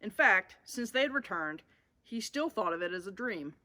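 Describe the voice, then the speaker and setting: A woman reading a children's storybook aloud in an expressive way, as the show's host. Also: mid-range voice, moderate pace.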